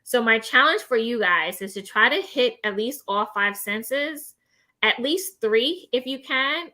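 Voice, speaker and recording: A bright, high-voiced woman talks in a lively, casual way. She laughs easily and keeps checking in with her listener as she hands out everyday advice. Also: unhurried. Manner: animated, laughs often, many "right?" tags. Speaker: host; gives advice to people with depression. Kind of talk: casual chat about mental health.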